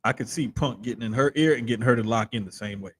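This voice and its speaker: A man co-hosting a podcast in casual chat, talking in an animated, emphatic way and keeping his accent in check the way broadcasters do. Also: medium pitch, slightly rough. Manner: animated, drawn-out emphatic storytelling. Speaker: podcast co-host.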